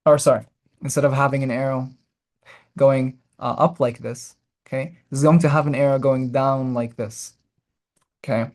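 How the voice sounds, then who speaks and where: A man's voice: medium pitch, steady tone, moderate pace, pauses often. A young man giving a medical lecture at a whiteboard, explaining step by step, often repeating himself and checking in with "right?". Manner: repetitive, checks in with "right?", restarts phrases.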